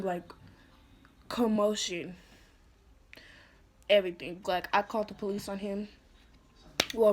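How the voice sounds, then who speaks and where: A young woman vlogger telling a personal story in a somber, halting way, full of "like" fillers and restarts. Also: medium pitch. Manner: somber, emotional retelling. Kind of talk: storytime vlog.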